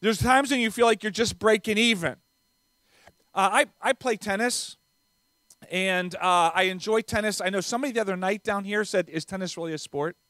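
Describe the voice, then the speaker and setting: In a church sanctuary, a visiting pastor delivers a sermon in a high, pushed and bright voice at a moderate pace, with no echo. He preaches conversationally with small fillers and has a non-Southern American accent.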